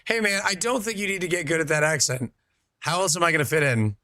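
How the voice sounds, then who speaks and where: A young man with a fairly high, bright, forceful voice talks fast as he streams a game, chatting easily with viewers and reading out and answering their messages in a laid-back way. The recording is dry and studio quality.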